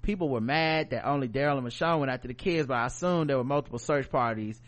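A man co-hosting a podcast, recapping a TV show in casual, animated banter and laughing often. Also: mid-range voice, fast talker. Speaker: podcast co-host.

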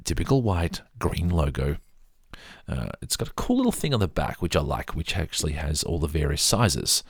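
In this dry, studio-quality clip, a husky bass-voiced man from Australia talks at normal speed with big swings in pitch. The vlogger gives a casual show-and-tell of his mugs, rambling and self-deprecating as he goes.

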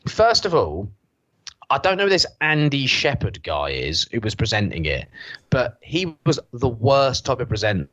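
Sarcastic British man ranting with animated pitch. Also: normal speed, no echo, lo-fi sound. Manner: sarcastic, expressive, swears freely. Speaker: podcast host. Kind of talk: casual ranting chat. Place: at home on a sofa.

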